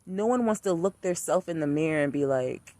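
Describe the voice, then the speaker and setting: A man's voice: fairly high pitch, animated, noisy background. Guy w ranting, cussing a lot, blunt and repetitive. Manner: blunt, profane, rapid-fire repetition. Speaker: spiritual practitioner ranting to camera. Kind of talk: profane casual rant.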